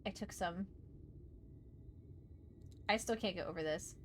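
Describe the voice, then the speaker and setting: A woman streaming a video game, chatting casually, repeating herself and breaking into excited squeals. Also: fairly low pitch, a little slow, a little hiss or hum. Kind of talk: casual gameplay livestream chat.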